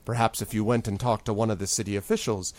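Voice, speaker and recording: A man's voice: fairly low pitch, fairly even intonation, fast, no room sound, lightly acted. A man voicing a weary, earnest male innkeeper who was made mayor in a tabletop game.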